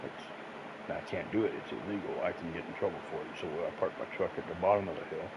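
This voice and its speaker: A man's voice: deep voice, fast. A man telling crude, rambling stories between bursts of laughter while he plays a game, swearing freely. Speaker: gaming streamer. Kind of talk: casual profane storytelling while gaming. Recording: muffled lo-fi with noisy background.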